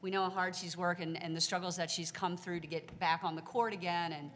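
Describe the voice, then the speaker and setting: A woman head coach speaking at a postgame press conference, conversational and relaxed, filling her sentences with "you know". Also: on the low side, brisk, a little hiss or hum. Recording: long hall reverb.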